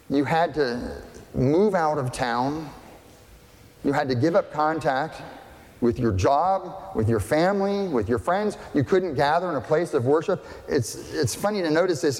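A man's voice: fairly high pitch, darkish tone. Pastor guy preaching, lots of rhetorical questions, echo from a big church hall. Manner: conversational, emphatic, rhetorical questions. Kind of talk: sermon.

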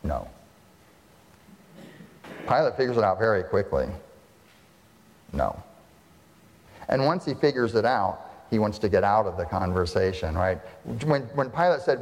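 A male pastor preaching a sermon in a church hall, lively and full of rhetorical questions. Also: fairly low pitch, moderate pace. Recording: long hall reverb.

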